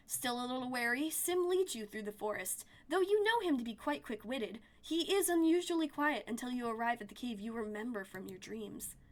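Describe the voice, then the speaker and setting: A woman streamer reading a narrative game aloud in an expressive, storytelling way. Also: fairly high pitch.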